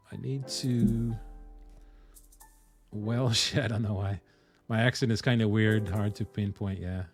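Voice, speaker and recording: A man from the Northeastern US streaming live, chatting casually with viewers and thinking aloud with frequent pauses. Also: mid-range voice. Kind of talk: casual live-stream chat while coding.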